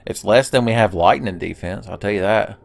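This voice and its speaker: A man talking over a video game in a relaxed, rambling way, full of jokes and swearing. His voice sits on the low side. He drifts off topic in chatty asides. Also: a little fast, creaky, no echo. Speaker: let's play host. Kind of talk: casual gameplay commentary.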